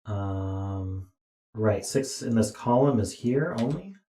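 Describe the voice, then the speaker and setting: A man's voice: fairly low pitch, expressive, slow pace, warm tone. A tired man streaming himself as he thinks aloud through a puzzle, muttering to himself with dry asides. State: tired, yawning. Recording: roomy echo.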